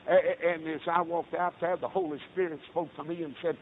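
Fiery high-voiced preacher. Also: male voice, steady tone, fairly quick. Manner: fiery, swings from low storytelling to loud shouted peaks. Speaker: Baptist preacher. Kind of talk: storytelling sermon. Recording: tinny lo-fi recording with faint hiss.

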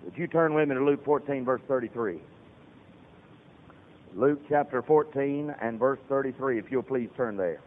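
A man preaching a sermon as a pastor, swinging from hushed talk to loud shouted peaks. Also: medium pitch, moderate pace, a little hiss or hum. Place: church sanctuary. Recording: tinny lo-fi sermon recording in reverberant hall.

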